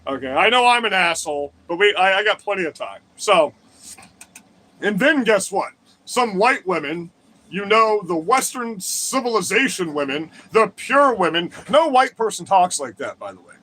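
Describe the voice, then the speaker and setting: A man's voice: high voice, sing-song, moderate pace, bright, forceful tone. A man hosting a livestream, ranting crudely and combatively to his chat, swearing often and wandering off on digressions. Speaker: livestream host. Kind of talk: profane political rant to live chat.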